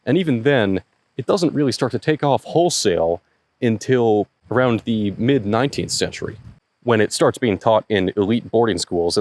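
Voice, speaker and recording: Low-voiced American man explaining methodically. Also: a little mellow, dry recording. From United States. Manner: measured, methodical, explains point by point. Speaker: historical reenactor, channel host. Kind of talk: explanatory talk to camera.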